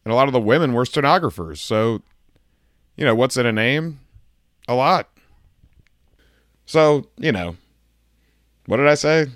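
A man's voice: medium pitch, animated, a little slow, long pauses, a bit bright, no room sound, clean studio sound. A man doing a comedic rant segment on a podcast, sarcastic and mock-indignant.

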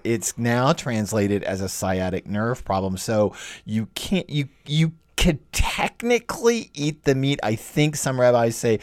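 A man with a very low voice talks in a relaxed, conversational way. He explains at length and teases his co-host. The sound is dry and close. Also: no echo. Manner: teasing, explanatory, animated when storytelling. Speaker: podcast co-host. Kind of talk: casual conversational chat. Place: home in rural New England.

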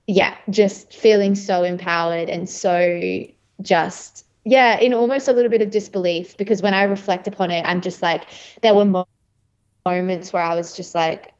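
A woman's voice: on the low side, steady tone, moderate pace, darkish tone, dull audio. A young woman, a podcast guest, telling her birth story in a chatty, emotional way with lots of fillers and laughter. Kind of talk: casual conversational storytelling.

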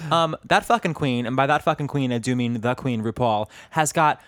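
A man's voice: medium pitch, normal speed, a bit bright, no echo. A man in his thirties co-hosting a podcast, teasing and joking in casual chat with some swearing. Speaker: podcast co-host.

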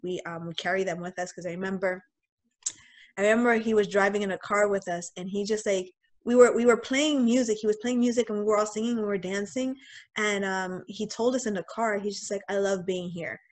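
A woman's voice: medium pitch, a little fast. A young woman co-hosting a podcast, telling family stories in casual chat with lots of fillers. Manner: chatty, animated storytelling with many fillers. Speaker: podcast co-host.

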